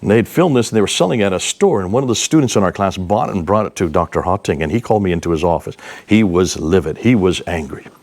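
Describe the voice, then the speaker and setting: Animated older man telling stories at a seminar. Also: low-pitched, quick pace. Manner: lively, emphatic anecdotes with acted-out dialogue. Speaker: seminar speaker. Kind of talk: animated storytelling lecture.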